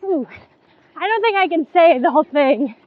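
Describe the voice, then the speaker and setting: A woman co-hosting a casual running podcast, easygoing and quick to laugh along, with brief replies. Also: very high-pitched, expressive, dry recording, narrow, tinny audio. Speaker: podcast co-host. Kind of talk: casual chat.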